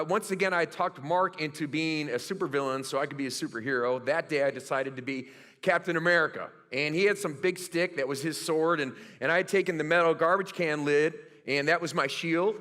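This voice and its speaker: A middle-aged male pastor preaching a sermon, telling stories with animated, self-mocking humor. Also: a little high, normal speed.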